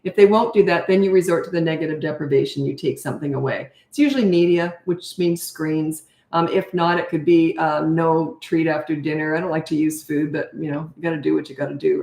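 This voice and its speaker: Gravelly and dark, her low voice moves a little fast with fairly even intonation. This middle-aged parenting coach fields viewer comments live, speaking bluntly and frequently tagging on "okay?" or "right?", all in an echoey room.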